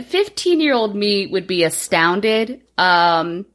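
Woman in her thirties, podcast co-host, animated pitch, casual, swears a lot. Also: measured pace. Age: 30s. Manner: swearing, laughing, rambling with fillers.

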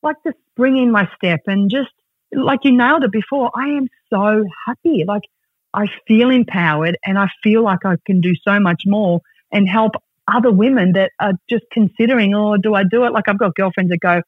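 A woman in her forties with an Australian accent, chatting as a podcast guest and telling stories with lively acted-out quotes. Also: medium pitch, normal speed, breathy edge, dry recording. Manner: bubbly, animated storyteller who acts out quotes. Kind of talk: casual interview chat. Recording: dry, tinny phone-like line.

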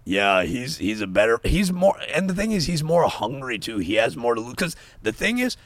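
A man's voice: mid-range voice, normal speed, no echo. A man in casual podcast chat, telling stories animatedly and swearing freely. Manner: animated, profane, storytelling.

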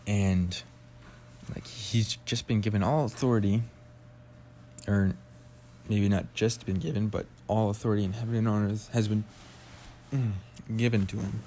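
A man's voice: on the low side, steady tone, moderate pace, pauses often, mellow, slight background noise. A young man hosting a casual Bible study podcast, talking loosely and rambling, with a lot of "like" and restarts. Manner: loose, rambling, heavy use of "like". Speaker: podcast host.

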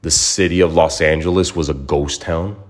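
A man's voice: a bass voice, fairly even intonation, moderate pace. A young man hosting a solo podcast, talking through his own story in a reflective, heartfelt way, often repeating himself as he gathers his thoughts. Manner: reflective, emotional, repeats words. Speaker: podcast host. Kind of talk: casual solo monologue.

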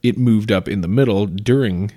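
A man with a lowish voice co-hosting a podcast, talking casually. He hesitates and stumbles over restarts as he finds his words. The sound is dry and close, with no room around it. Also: normal speed, warm tone, no echo. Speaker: podcast co-host. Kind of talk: casual chat.

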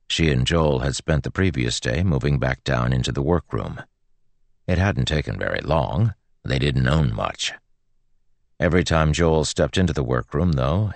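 A man reading a novel aloud in an extremely deep voice full of vocal fry, his delivery measured and even. The recording is dry and close, with no room sound around it. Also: dry recording. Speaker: audiobook narrator. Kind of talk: audiobook narration.

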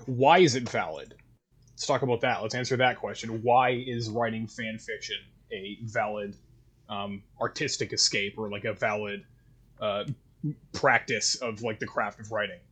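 A man's voice: on the low side, steady tone, normal speed, fairly bright tone, breathy edge. A young man with a Canadian accent, co-hosting a podcast in wry, joking casual chat and swearing freely. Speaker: podcast co-host.

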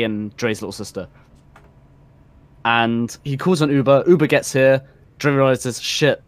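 A man's voice: mid-range voice, no room sound. A young man co-hosting a casual podcast, telling a long profane story with lots of fillers and restarts. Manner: rambling, profane, laughing storyteller. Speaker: podcast co-host.

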